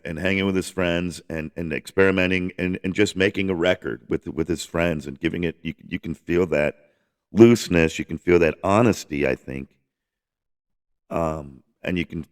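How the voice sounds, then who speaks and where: Low gravelly man, rambling music talk. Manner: rambling, enthusiastic, swears freely, many restarts. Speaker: podcast host.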